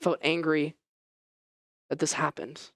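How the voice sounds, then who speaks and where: Guy doing a dramatic first person sermon, animated storytelling, dry close mic. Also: fairly high pitch, slow, no room sound. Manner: animated storytelling, voice rising and falling. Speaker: preacher.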